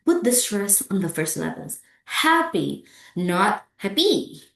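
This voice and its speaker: A woman's voice: mid-range voice, moderate pace. A woman with an Indonesian accent teaching English pronunciation, drilling words aloud and checking in with "okay?" and "yeah?" between them. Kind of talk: classroom lecture with repeated model words. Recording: echoey room.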